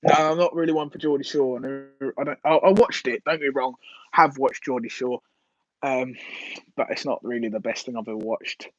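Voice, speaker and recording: A man's voice: mid-range voice, fairly even intonation, fairly quick, dull audio. A man hosting a casual live stream, rambling and hesitant with lots of fillers and restarts as he answers viewers' questions.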